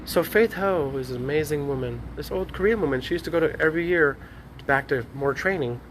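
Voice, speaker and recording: A man ranting in a rambling, profane, preachy vlog monologue, talking excitedly to his phone camera. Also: a little high, brisk, a little hiss or hum. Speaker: vlogger. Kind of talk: rambling selfie-video monologue. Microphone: phone on a tripod.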